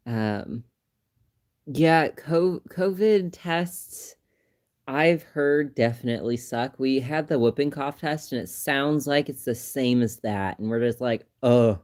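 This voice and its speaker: A man chatting on his own livestream in a medium-pitched voice, relaxed and rambling. He laughs often and gets lively and animated when he retells a funny moment. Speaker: livestream host. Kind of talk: casual livestream chat.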